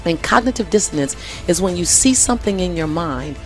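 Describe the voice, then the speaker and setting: A woman's voice: on the low side, animated, a little fast, faint music behind. A woman chatting as an interview guest, earnest and fond of repeating her key phrases. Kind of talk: casual conversation.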